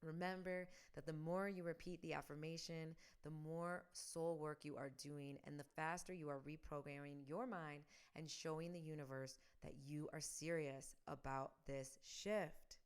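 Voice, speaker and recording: Woman, spiritual podcast host, deep voice, resonant, affirming, enthusiastic. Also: steady tone, moderate pace, few pauses, clean tone. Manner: enthusiastic, affirming, leads listeners in repeated affirmations.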